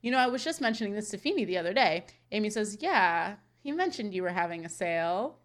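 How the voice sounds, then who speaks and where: A woman's voice: medium pitch, expressive, fast. A woman co-hosting a podcast, recapping a sitcom episode scene by scene in casual chat, quoting lines and laughing often. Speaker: podcast co-host.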